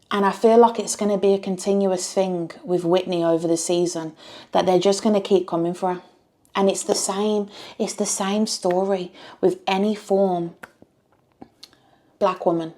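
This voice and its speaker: A woman's voice: on the low side, a little mellow. A woman giving blunt, emphatic reaction commentary on a reality show. She repeats phrases for effect and swears freely.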